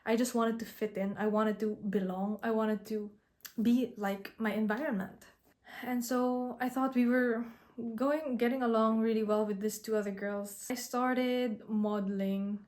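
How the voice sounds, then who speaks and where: A woman's voice: medium pitch, a little mellow. A young woman, a content creator, candidly telling a personal story in a reflective vlog, with frequent restarts and "like".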